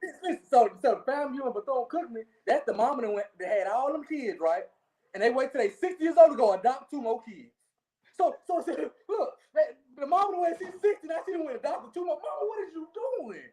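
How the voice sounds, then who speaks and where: A woman co-hosts a casual sports podcast in a high, mellow voice. Her pitch leaps around as she spins stories, laughs, and keeps checking in with "okay?". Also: quick pace. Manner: animated storyteller, keeps repeating okay, laughs often. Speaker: podcast co-host.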